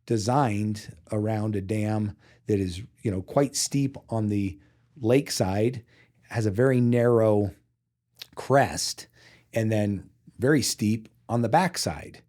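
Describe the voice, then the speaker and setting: A man with a low, mellow voice tells a long story in a podcast interview. He talks casually, full of "you know"s, and jumps into lively imitations of the people in the story. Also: slow pace. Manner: animated storyteller acting out dialogue with lots of fillers. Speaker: podcast guest, physical therapy company CEO.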